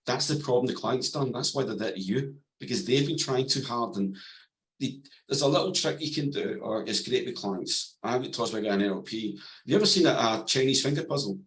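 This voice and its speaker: A man guesting on a podcast as an NLP coach, calm and plain-spoken, explaining ideas through simple stories. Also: medium pitch, brisk, poor audio. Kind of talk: podcast interview, explaining and storytelling.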